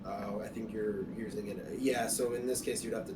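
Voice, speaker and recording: A man narrating a tabletop game as game master, relaxed and hesitant with lots of fillers. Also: fairly low pitch, fairly quick, echoey room, far from the mic, heavy background noise.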